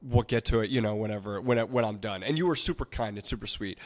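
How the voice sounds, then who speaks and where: A man hosting a casual podcast interview, talking in an excitable, rambling way with lots of filler words and some swearing. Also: fairly low pitch, fast. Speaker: podcast host.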